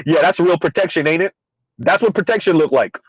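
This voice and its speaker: A man's voice: on the high side, normal speed, husky, no room sound, low-quality recording. A man hosting his own channel, ranting in a blunt, profane commentary with rhetorical questions. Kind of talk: casual commentary rant.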